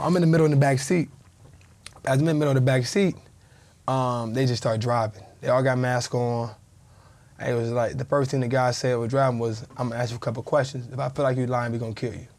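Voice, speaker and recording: A man in his thirties tells a story in relaxed conversation, words tumbling out at a brisk pace. He slips into the quoted lines as he goes, voicing the people in it. His voice sits at an ordinary middle pitch. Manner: vivid storyteller who acts out quoted dialogue. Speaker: podcast guest, former pro football player.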